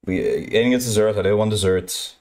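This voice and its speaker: A young man telling a profane, aggrieved story in a rambling rant, full of repeats and quoted lines. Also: a little mellow. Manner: aggrieved, profane, repetitive, fast-swinging pitch. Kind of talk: ranting anecdote.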